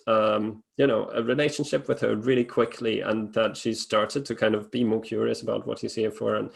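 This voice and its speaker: Man, webinar host, low gravelly voice, flat delivery, hesitant and filler-heavy. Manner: hesitant, many fillers and restarts. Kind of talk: casual webinar talk.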